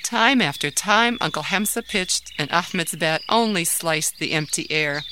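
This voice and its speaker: A woman narrating a children's story aloud in an expressive, sing-song manner. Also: lowish voice, a little slow, noisy background.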